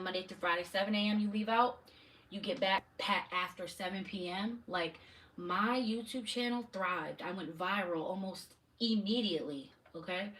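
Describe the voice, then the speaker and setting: A woman's voice: lowish voice, fairly bright tone. A woman from the Maryland area giving a live tarot reading, rambling in a spiritual way and speaking straight to her viewers at home. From United States, Maryland area. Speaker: tarot reader. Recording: distant mic with faint noise.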